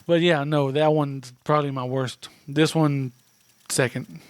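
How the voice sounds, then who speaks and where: A man's voice: fairly high pitch, fairly even intonation, a little slow, smooth, no room sound. A man co-hosting a podcast in casual chat, laid-back and easygoing, swearing casually. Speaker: podcast co-host.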